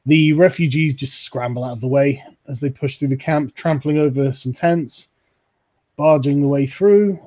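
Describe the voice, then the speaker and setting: Here a man serves as game master at a tabletop session, his pitch fairly high. The narration comes out easygoing and hesitant, packed with fillers.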